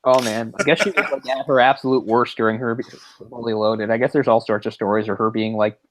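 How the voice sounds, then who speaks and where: A man's voice: medium pitch, steady tone, fast, low-quality recording. A man co-hosting a podcast, casually retelling a story with mocking impressions. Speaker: podcast co-host. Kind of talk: casual chat.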